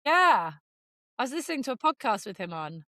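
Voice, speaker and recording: A woman's voice: fairly high pitch, very animated, a little fast, pushed and bright, no echo, studio quality. A woman co-hosting a podcast in casual chat, blunt and ranting, swearing freely. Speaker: podcast co-host.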